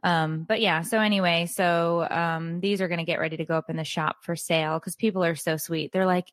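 A woman's voice: on the low side, fairly even intonation, brisk, hardly any pauses, no room sound. A middle-aged woman co-hosting a podcast, telling a story animatedly and acting out what people said. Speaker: podcast co-host. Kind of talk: casual storytelling chat.

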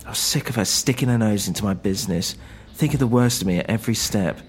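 A man's voice: lowish voice, quick pace. A man narrating a first-person story, a little hesitant at times.

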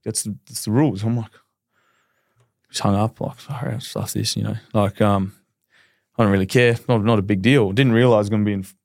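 A quick-talking Australian man in his thirties, a podcast guest, tells his story in a candid, rambling way and acts out the quotes. His voice sits a little low. The sound is dry and close. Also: steady tone, gravelly, darkish tone, no room sound. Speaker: podcast guest, professional footballer. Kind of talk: casual podcast interview.

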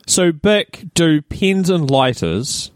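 A man, co-hosting a podcast in casual chat, teasing and jumping in quickly. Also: on the high side, very animated, no echo, clean studio sound. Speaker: podcast co-host.

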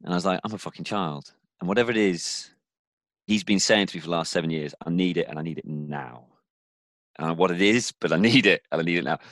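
A man's voice: sits low, fast talker, fairly bright tone. A man in his forties, a film director guest, telling a candid personal story with emphatic, freely profane speech. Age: 40s.

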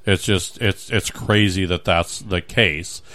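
A man hosting a podcast, chatting casually in a rambling, animated way with many restarts. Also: sits low, slow pace. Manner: rambling, animated, acts out little scenes. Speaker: podcast host. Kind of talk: casual chat.

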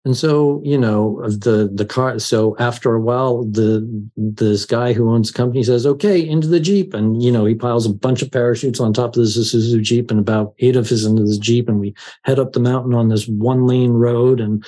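A man guest on a podcast, telling a personal story in a lively way and acting out his own fear with laughs. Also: medium pitch, a little fast, few pauses. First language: English. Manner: animated, laughs while telling, acts out his own panic. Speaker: life coach, podcast guest. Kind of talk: conversational storytelling.

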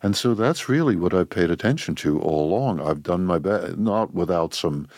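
Older doctor guy, deep husky voice, slow thoughtful talk, lots of restarts. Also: animated, a little mellow, no room sound, clean studio sound. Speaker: physician guest. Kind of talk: reflective interview talk.

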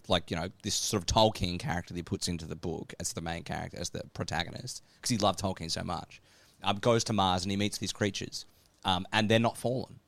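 A man's voice: deep voice, creaky, fairly bright tone, dry recording. A man co-hosting a podcast, explaining ideas in casual chat, with many "like"s and "right?"s. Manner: explanatory, filler-heavy, says "like" and "right?" often. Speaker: podcast co-host explaining catechism. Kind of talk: casual discussion.

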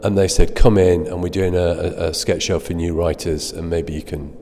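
A middle-aged man with a deep, mellow voice tells a long self-deprecating story in an interview and laughs at himself along the way. His voice carries a long reverb behind it. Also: little pitch movement, moderate pace, creaky. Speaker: guest telling stories. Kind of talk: anecdotal storytelling.

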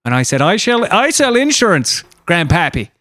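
A man voicing a rambling, deadpan salesman of potato peelers with a put-on Irish accent. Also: high-pitched, normal speed, no room sound. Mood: earnest. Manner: rambling, earnest storytelling with quoted voices. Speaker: improv performer. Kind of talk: improvised comedy bit.

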